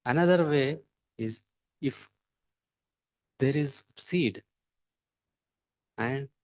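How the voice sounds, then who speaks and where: A man delivers a devotional sermon, his voice sitting at an ordinary middle pitch. He talks in short, halting phrases broken by pauses and fillers, often stopping to put a question to his listeners. The sound is close and dry, with no room echo. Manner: asks the listeners rhetorical questions. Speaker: devotional lecturer.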